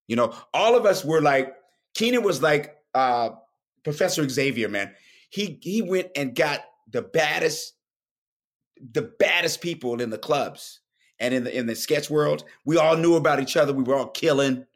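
A man, a comedian, telling a lively anecdote in a casual interview, acting out the voices and laughing as he goes. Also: on the high side. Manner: animated, acts out voices, laughs often. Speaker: comedian guest.

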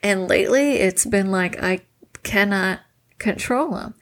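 A woman's voice: mid-range voice, measured pace, a bit bright. A woman in her forties co-hosting a couple's podcast, candid and laughing often as she acts out quotes in casual chat. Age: 40s. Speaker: podcast co-host.

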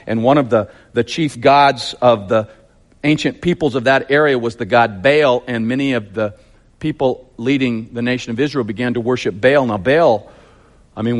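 A man preaching a sermon, telling the story vividly and emphatically with lots of repetition. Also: medium pitch.

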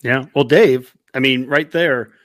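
A man's voice: mid-range voice, a little slow, a bit bright, no echo. Podcast host man, dry sound. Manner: leading questions, short backchannels. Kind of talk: casual podcast chat.

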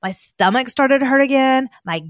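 A woman in her thirties from the American South, with a Southern accent, chatting casually as a podcast host and gushing with excited exclamations. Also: high-pitched, moderate pace, dry recording, studio quality. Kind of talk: casual chat.

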